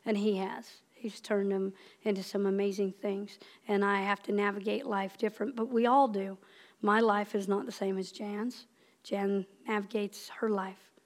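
A woman's voice: medium pitch, little pitch movement, moderate pace. A woman in her fifties preaching a personal, conversational sermon in a church, building up with emphatic repeated lines. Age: 50s. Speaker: lay preacher. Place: church sanctuary.

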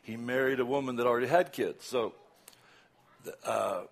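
An older man with a Southern US accent, a guest preacher chatting casually before his sermon, laughing between asides and swelling loud and slow when he praises. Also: mid-range voice, gravelly.

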